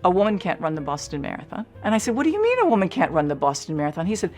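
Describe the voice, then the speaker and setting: A woman's voice: fairly low pitch, racing, soft background music. An older woman in an archival interview, telling stories from her own life and acting out the voices of people she quotes. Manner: animated, acts out quoted voices. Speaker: interviewee recalling her past.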